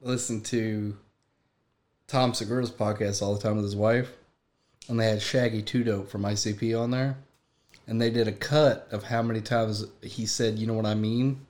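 Joking man guest on a podcast. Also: on the low side. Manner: joking, animated banter, quick to laugh. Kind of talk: casual chat.

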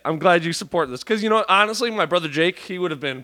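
A man's voice: high-pitched, expressive, fast talker, hardly any pauses, sharp tone. A man hosting a comedy podcast, talking in a profane, rambling way with lots of restarts into a studio mic. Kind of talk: casual comedic banter. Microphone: studio mic with headphones.

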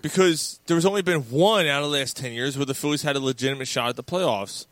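A man's voice: medium pitch, fast, a bit bright, no room sound. A man hosting a casual sports chat, emphatic and profane, arguing his point.

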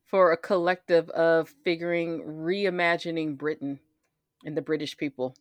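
A woman's voice: sits low, fairly even intonation, moderate pace, no room sound. A woman chatting casually in a teasing, matter-of-fact way. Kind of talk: casual chat.

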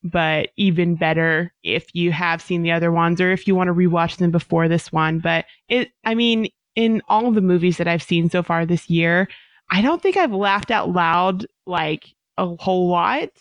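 A woman's voice: fairly low pitch, no echo, lo-fi sound. Chatty woman co-host, dry close sound. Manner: upbeat, chatty, quick to laugh. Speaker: podcast co-host. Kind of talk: casual movie review chat.

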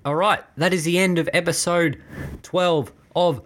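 A man's voice: fairly high pitch, steady tone, a little slow, slight background noise. A man with an Australian accent hosting his own podcast, passionate and blunt, sometimes a little out of breath as he rants. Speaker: podcast host. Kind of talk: opinionated political podcast rant. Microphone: own home podcast mic.

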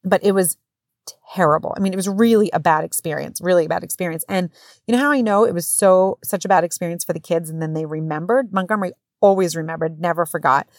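A woman in her thirties hosting a podcast, telling a story in a casual, animated way with swearing and acted-out quotes. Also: fairly low pitch, fast talker, no echo, studio quality. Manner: animated, swearing, acts out quotes in raised voices. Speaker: podcast host.

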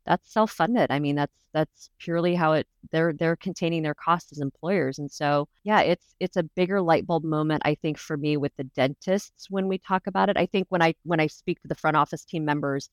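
A woman's voice: sits low, fairly quick, few pauses, no echo. A woman guest on a podcast interview, explaining practical advice step by step in a reassuring way. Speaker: guest, dental association benefits adviser.

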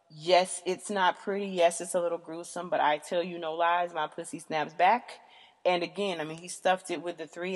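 A woman hosting a casual podcast episode, talking frankly and rambling, with lots of fillers and profanity. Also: lowish voice. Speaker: podcast host. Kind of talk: casual candid monologue. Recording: long hall reverb.

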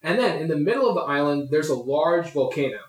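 Young male game master, slightly high voice, halting narration with many fillers, roomy echo. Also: expressive. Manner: halting, full of likes and ums, laughs often. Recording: echoey room.

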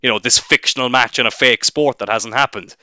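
A man's voice: medium pitch, fairly quick, sharp tone, clear, resonant tone, dry recording. Irish referee, young man, swearing and sarcastic, dry close recording. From Ireland. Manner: profane, sarcastic ranting. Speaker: wrestling referee. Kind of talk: casual rant to camera.

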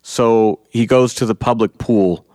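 A man co-hosting a podcast, talking through a comic book in a casual, animated way. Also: mid-range voice, measured pace, dry recording, studio quality. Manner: animated storyteller, acts out quotes. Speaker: podcast co-host.

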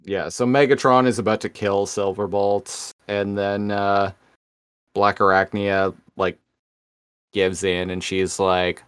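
A man co-hosting a podcast, recapping a cartoon episode in casual chat with halting, repeated words. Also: lowish voice, flat delivery, a bit bright, smooth, no room sound, studio quality. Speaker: podcast co-host.

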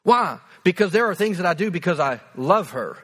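A man with a notably high speaking voice delivers a sermon as a pastor. He talks to his congregation in an earnest, conversational way and repeats phrases to drive his points home. He sounds like he is in his thirties. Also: very animated, moderate pace, fairly bright tone, breathy edge.

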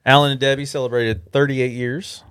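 A man's voice: medium pitch, little pitch movement, normal speed, fairly bright tone, clean tone, dry recording, clean studio sound. A man hosting a fishing podcast, recapping a trip in easygoing, joking chat. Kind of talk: casual chat.

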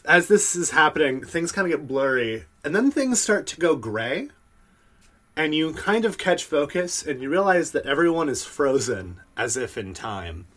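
A man's voice: fairly high pitch, sing-song, moderate pace, fairly bright tone. A man narrating as game master in a tabletop role-play, in a loose, laid-back way.

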